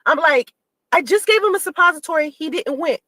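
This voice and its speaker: A woman talks straight to her viewers in a relaxed vlog, her voice sitting high. She tells a personal story with lots of energy and acts out the back-and-forth she describes. The sound is close and dry, with no room around it. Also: fairly quick, no room sound, poor audio. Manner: animated, acts out quoted exchanges in her telling. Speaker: mother telling her own story to camera.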